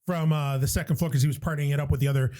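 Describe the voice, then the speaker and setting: A man's voice: on the high side, rapid-fire. A man co-hosting a podcast, telling stories in casual chat, swearing freely and laughing often. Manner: animated storyteller, swears a lot, laughs often. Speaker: podcast co-host.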